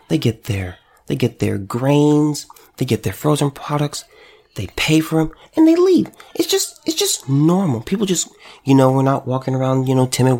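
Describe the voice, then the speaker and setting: A man's voice: mid-range voice, a little mellow, breathy edge. A man who runs a store, delivering an impassioned monologue to camera, emphatic and repeating phrases for stress. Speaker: store owner.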